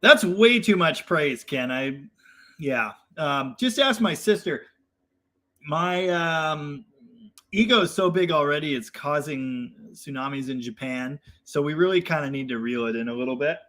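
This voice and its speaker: A man's voice: a little high, expressive, unhurried, pushed and bright. A young man hosting a casual live chat, reading viewer comments and rambling in a self-deprecating way with lots of fillers.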